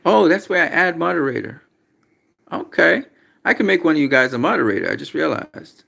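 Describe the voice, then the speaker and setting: Animated and brisk, a male livestream host with a slightly high, gravelly, sharp voice reads viewer comments during a relaxed boxing chat. He's blunt, swears constantly and is quick to get frustrated.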